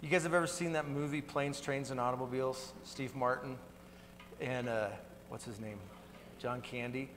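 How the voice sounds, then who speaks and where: A man's voice: mid-range voice, steady tone, moderate pace, fairly bright tone, slight background noise. A man preaching a sermon as pastor in an earnest, conversational way, in a church sanctuary. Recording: long hall reverb.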